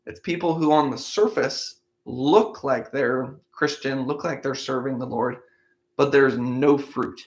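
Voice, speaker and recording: A man who hosts a daily Bible-reading show, reading verses aloud and then explaining them conversationally while he thinks aloud, with restarts along the way. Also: medium pitch. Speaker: Bible-in-a-year podcast host. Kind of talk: reading scripture aloud, then casual commentary.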